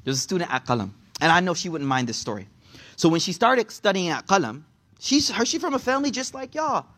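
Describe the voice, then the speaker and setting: A young man giving a casual, animated sermon to young people, telling stories in slang and acting out the people in them. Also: high voice, a little fast. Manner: animated, slangy, storytelling with quoted voices. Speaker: religious teacher.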